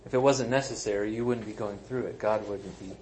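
Male pastor, lowish voice, conversational and emphatic sermon delivery, faint noise floor. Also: steady tone, a little fast, a little mellow, rough recording. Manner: conversational, emphatic, self-deprecating asides. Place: church sanctuary.

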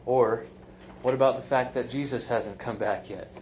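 A man's voice: medium pitch, steady tone, moderate pace, darkish tone, slight background noise, poor audio. A man, a pastor, preaching a sermon in a conversational, emphatic way with self-deprecating asides. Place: church sanctuary.

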